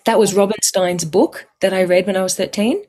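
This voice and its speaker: A woman, a guest telling personal stories in a chatty, animated way. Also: medium pitch, brisk. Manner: chatty, animated, acts out quoted voices, swears casually. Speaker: guest numerologist. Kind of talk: casual interview storytelling.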